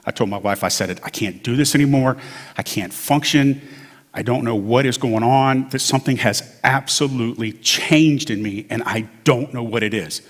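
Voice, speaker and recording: Casting note: American man sharing his testimony from the front of a church, in a mid-range voice, relaxed and storytelling, with a long church reverb. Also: medium pitch, normal speed. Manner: conversational storytelling, acts out quoted dialogue. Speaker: church member giving testimony. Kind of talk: personal testimony to a congregation. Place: church sanctuary.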